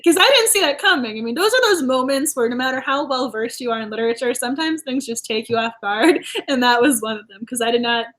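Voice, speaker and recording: A woman with a high, bright-pitched voice hosts a relaxed book club chat. She is animated, laughs easily and trips over her words as she restarts. It sounds like a casual home video recording. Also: quick pace, hardly any pauses.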